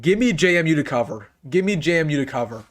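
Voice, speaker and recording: A young man hosts a casual live sports stream and runs through his picks. His voice sits a little high, and his delivery is excitable and emphatic. He often repeats a line to drive the point home. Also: fast talker. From United States. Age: young adult. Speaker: sports channel host.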